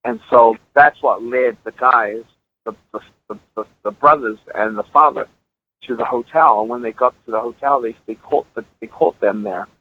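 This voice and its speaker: A man's voice: mid-range voice, moderate pace, breathy edge. A middle-aged man, a guest musician, telling stories emphatically and repeating words as he builds his point, heard over a tinny line. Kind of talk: earnest storytelling in conversation.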